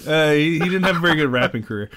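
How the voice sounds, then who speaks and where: A man's voice: fairly high pitch, expressive, very fast, fairly bright tone. A man co-hosting a podcast in casual chat, jokey and easygoing, laughing often as he tells stories. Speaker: podcast co-host.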